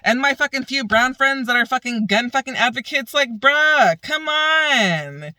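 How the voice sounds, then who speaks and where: A woman's voice: a little high, normal speed, few pauses, bright, forceful tone, dry recording. A woman vlogging outdoors as a law student, ranting in exasperation with heavy profanity and repeated emphasis. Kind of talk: ranting vlog. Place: outdoors, by a path.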